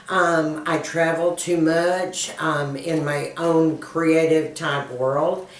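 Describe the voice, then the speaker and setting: Woman in her 60s with a thick Texan accent, low-pitched and chatty, vlogging in an echoey room a little off mic. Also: recorded from a distance. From Dallas, Texas. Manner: folksy, chatty, calls viewers girlfriends. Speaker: motivational speaker and YouTuber. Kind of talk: casual tag video, answering questions.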